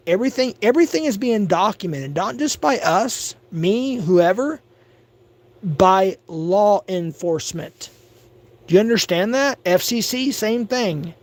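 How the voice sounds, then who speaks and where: High-voiced man ranting on a livestream. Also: lively intonation, a little slow. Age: adult. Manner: agitated, repeats himself, stammers. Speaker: livestream host. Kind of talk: livestream rant.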